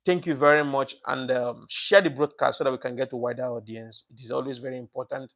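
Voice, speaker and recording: A man's voice: mid-range voice, steady tone, fairly quick, creaky, fairly bright tone. A man hosting a casual live broadcast, thanking viewers by name and preaching passionately about politics, with many fillers and repeats. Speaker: live-stream host.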